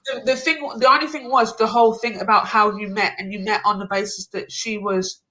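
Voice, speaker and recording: A woman's voice: medium pitch, fairly even intonation, brisk, bright, forceful tone, low-quality recording. A woman chatting casually on a live panel, stumbling and restarting as she talks.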